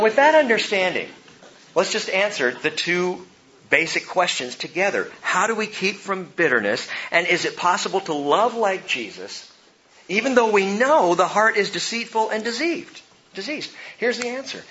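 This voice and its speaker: A middle-aged male pastor preaching a sermon, swinging between hushed and emphatic delivery. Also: a little high, lively intonation, normal speed, muffled recording, a little hiss or hum.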